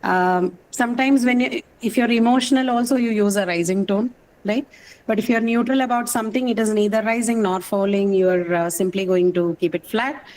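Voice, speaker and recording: A woman lecturer teaching a class, often checking in with the students and pausing with fillers. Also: medium pitch, darkish tone, rough recording. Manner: checks in with frequent "right?" and fillers. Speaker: university lecturer.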